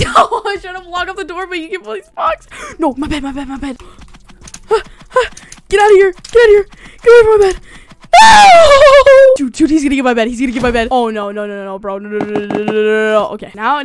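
A high-voiced young man at his desk mic, narrating his own gameplay with quick bursts of excitement, slang and sudden yelps. Casual streamer energy. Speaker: gaming YouTuber. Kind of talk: gameplay commentary.

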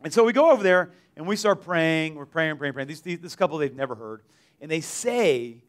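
A man's voice: a little high, expressive, a little fast. A man giving a casual, rambling testimony at a church service, full of "like"s and restarts. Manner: rambling, filler-heavy, many "like"s and restarts. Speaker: mission trip team member giving testimony.

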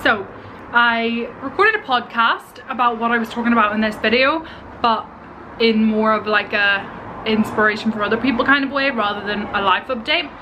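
Young girl rambling on her vlog, kinda high voice, lots of "like", noisy camera audio. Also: moderate pace. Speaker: vlogger. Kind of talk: chatty life-update vlog. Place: home kitchen, indoors. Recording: noisy home camera recording.

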